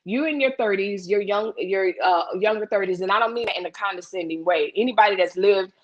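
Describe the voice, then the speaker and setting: A woman hosts a live chat and speaks with blunt energy, addressing her viewers directly. Her voice sits at a middle pitch for a woman. She answers viewer comments as they arrive. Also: fairly quick, dull audio. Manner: blunt, animated, talks straight to viewers. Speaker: host of a live chat show.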